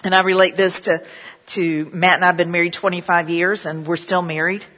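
A woman's voice: fairly low pitch, little pitch movement, fairly quick, fairly bright tone, in a large hall. A middle-aged woman pastor, leading prayer and telling chatty stories in a sermon, full of "you know" asides. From southern United States.

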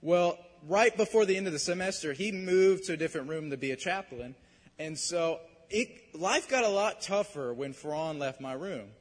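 A young man preaching a sermon, talking earnestly and conversationally, then suddenly building to loud emphasis. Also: fairly high pitch, animated, moderate pace, long reverb tail.

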